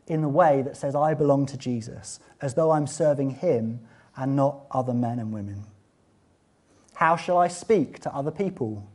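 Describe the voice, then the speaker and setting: A male preacher delivers a sermon in a fairly high voice. He swings from fervent, ringing exclamations to soft, chatty asides to his congregation. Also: lively intonation, a little slow. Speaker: pastor.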